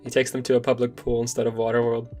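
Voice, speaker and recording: A man's voice: medium pitch, monotone, fast, darkish tone, soft background music. A young man recapping and recommending a manga in a casual, enthusiastic vlog. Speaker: manga reviewer.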